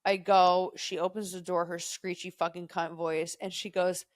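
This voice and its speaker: A woman's voice: lowish voice, level tone, normal speed, no room sound, clean studio sound. A young woman co-hosting a podcast, chatting casually and telling a rambling, profane story full of digressions. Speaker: podcast co-host. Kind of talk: casual chat.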